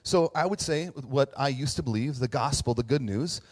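A man's voice: mid-range voice, moderate pace, in a large hall. A middle-aged man preaching a casual, conversational sermon as a pastor, joking at his own expense with lots of fillers and tag questions. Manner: chatty, self-deprecating, frequent fillers and "right?".

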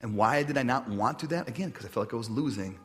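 A man's voice: mid-range voice, lively intonation. Man preaching in a casual conversational way. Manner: conversational, self-deprecating storytelling with many asides; drops to quiet, slow delivery on reflective points. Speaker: pastor. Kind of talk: sermon.

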